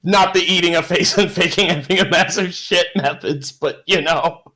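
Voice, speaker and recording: A man playing in a tabletop game, talking hesitantly with frequent pauses. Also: high voice, sharp tone. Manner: hesitant, with many "uh"s. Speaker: player.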